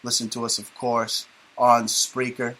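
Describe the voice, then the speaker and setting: A man's voice: medium pitch, monotone, measured pace, sharp tone, low-quality recording. A man hosting a talk radio show, sarcastic and rambling in casual banter.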